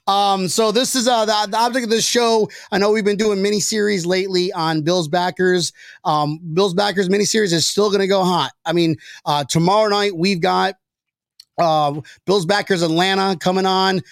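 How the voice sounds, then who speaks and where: A man hosting a casual sports podcast, excitable and rambling, laughing often between thoughts. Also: sits high, normal speed, dry recording, studio quality. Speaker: podcast host.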